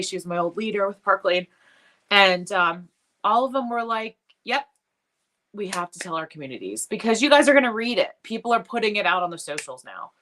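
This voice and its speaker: A woman hosting a casual live stream for her followers, emotional and tearful, speaking in a heartfelt, halting way with many pauses and fillers. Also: lowish voice, a bit bright, slight background noise. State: tearful, has been crying. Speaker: jewelry business live-stream host.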